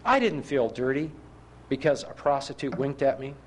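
A man's voice: mid-range voice, expressive, moderate pace. A middle-aged man preaching a sermon, telling personal stories with self-mocking humor and asking his listeners rhetorical questions.

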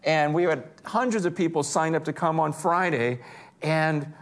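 Man, pastor, sermon, lively storytelling, somewhat high voice. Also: moderate pace. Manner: animated storytelling, swinging from hushed to excited.

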